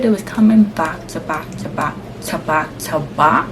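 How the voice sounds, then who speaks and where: A young woman vlogger and first-time mom telling her story casually to camera, lively and slangy. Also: low-pitched, normal speed. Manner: lively, acts out voices, slangy and chatty. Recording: steady background noise.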